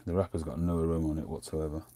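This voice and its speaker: A man's voice: rumbling low, flat delivery, racing, warm tone. A middle-aged man, hosting a casual livestream chat, rambling and drifting off topic as he talks. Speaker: host.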